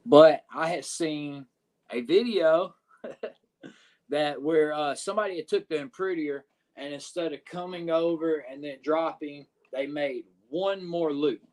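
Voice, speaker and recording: A wrestler with a Southern US accent tells a locker-room story in a podcast interview, cursing often and rambling with lots of "uh" and "you know what I'm saying." His voice is fairly high and darkish, at a measured pace.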